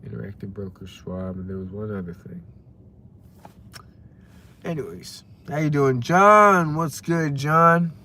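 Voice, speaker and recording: A young man rambles through a casual live stream in an unhurried, drawn-out way, greeting viewers by name as he reads the chat. A faint hum of background noise sits under his voice. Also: mid-range voice, expressive, bright, forceful tone. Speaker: livestreamer reading chat.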